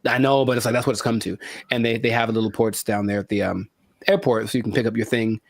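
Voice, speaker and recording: A man co-hosting a podcast in casual chat, rambling, letting his sentences trail off quietly, then getting worked up. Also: lowish voice, fairly even intonation, fast talker, gravelly, no room sound. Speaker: podcast co-host.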